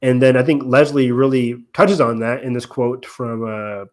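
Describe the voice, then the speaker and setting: A man's voice: medium pitch, fairly even intonation, normal speed. A man co-hosting a podcast, explaining and analyzing at length in casual talk with frequent ums and self-corrections. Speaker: podcast co-host.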